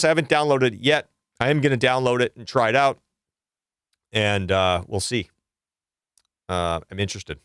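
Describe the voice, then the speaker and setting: A man's voice: fairly low pitch, normal speed, a bit bright, clear, resonant tone, no echo, clean studio sound. A middle-aged man hosting a casual livestream, rambling and swearing, with frequent restarts as he rants. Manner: rambling, profane, fired-up ranting with frequent restarts. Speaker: livestream host and music producer.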